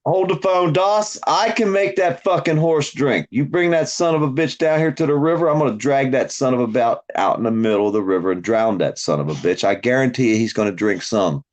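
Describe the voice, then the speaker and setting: A man's voice: mid-range voice, fairly quick, hardly any pauses. A man ranting bluntly on a casual livestream, swearing heavily and mocking people. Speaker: livestream host. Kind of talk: profane casual livestream chat.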